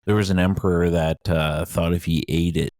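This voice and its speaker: A man's voice: low voice, fairly even intonation, normal speed, darkish tone, dry recording, clean studio sound. A man co-hosting a podcast, laid-back and chatty, mostly giving short agreeing replies. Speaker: podcast co-host. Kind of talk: casual conversation.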